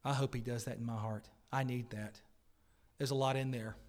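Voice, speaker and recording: At a church service, a male pastor preaches a sermon that alternates between loud, emphatic declarations and quiet, earnest pleas. He has a mid-range voice with fairly even intonation and speaks at normal speed.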